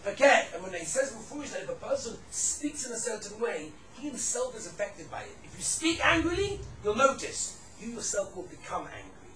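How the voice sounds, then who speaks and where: In a religious lecture on Jewish law and ethics, a male religious teacher speaks in a high, bright, forceful voice with big pitch swings, at a normal speed with few pauses. He tells animated stories, repeats himself, and blends Hebrew and Yiddish terms into his speech. The echoey room, faint background noise, and set-back mic make him sound distant.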